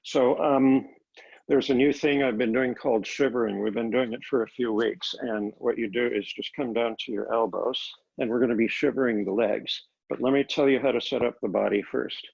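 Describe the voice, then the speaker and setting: A man teaching a Pilates class, calmly cueing each step of the exercises, recorded on a laptop microphone. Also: medium pitch, normal speed, vocal fry, husky, dull audio. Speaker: Pilates instructor. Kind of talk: guided exercise class instruction.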